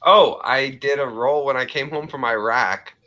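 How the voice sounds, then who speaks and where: A man's voice: mid-range voice, moderate pace, sharp tone, lo-fi sound. A man hosting a live chat, joking and rambling with frequent fillers. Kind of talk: casual chat.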